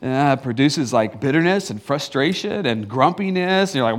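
A man's voice: mid-range voice, animated, normal speed. A man preaching a conversational sermon, casual and teasing, with many fillers, restarts and chuckling asides. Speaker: pastor.

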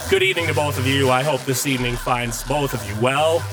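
Cussing sardonic host with a Midwestern twang. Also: male voice, fairly quick. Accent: Midwestern American. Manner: swears a lot, sardonic, trails off low. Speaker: podcast host. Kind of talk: casual profane podcast banter.

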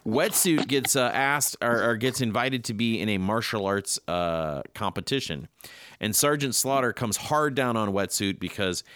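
A man co-hosting a podcast who rambles excitedly through a recap, with many fillers and restarts. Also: on the low side, moderate pace, clean tone, dry recording, studio quality. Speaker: podcast co-host. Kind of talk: casual chat.

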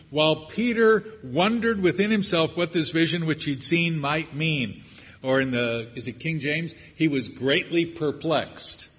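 A man's voice: a little high, a bit bright, slightly rough. An older man preaching a sermon, with joking, conversational asides as he teaches from scripture. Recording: long hall reverb.

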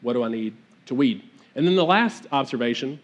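A man's voice: mid-range voice, lively intonation, fairly quick. A man preaching a sermon in a conversational, earnest way, often restarting his phrases.

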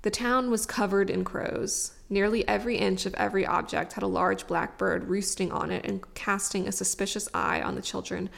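Gravelly-voiced woman podcast co-host. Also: mid-range voice, fairly even intonation, normal speed, hardly any pauses. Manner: reads aloud, then chats with fillers like "like". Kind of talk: casual book discussion podcast.

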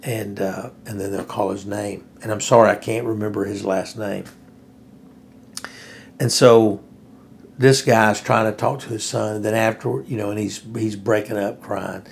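A man's voice: fairly low pitch, steady tone, normal speed, gravelly, slight background noise. A man hosting a spoken commentary, talking in a rambling, earnest way with many fillers and restarts.

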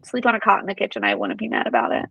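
Gravelly-voiced woman chatting on a podcast. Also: medium pitch, sing-song, very fast, no echo, muffled recording. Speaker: podcast co-host. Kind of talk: casual chat.

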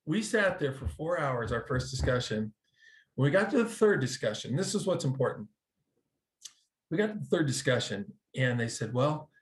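A man telling a personal story in a casual, animated way, acting out quoted dialogue, with frequent restarts. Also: medium pitch. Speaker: guest telling a conversion story.

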